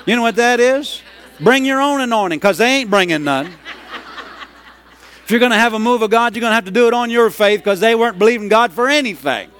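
A middle-aged man preaching a sermon, telling a story and rising into loud, excited hollering. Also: very high-pitched, brisk, a little hiss or hum. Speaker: pastor.

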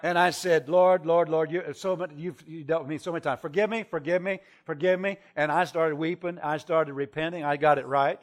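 A middle-aged man, a traveling preacher, telling a story in a sermon and swinging from hushed tones to shouting. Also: a little high, fairly even intonation, brisk, hardly any pauses.

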